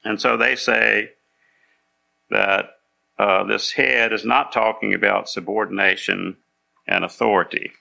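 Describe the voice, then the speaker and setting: A male pastor gives a conversational sermon in a heavily gravelly, rough voice that is fairly low in pitch, fairly even in intonation, and carries a tense, sharp edge. He explains his points patiently and pauses now and then to make sure the congregation is following.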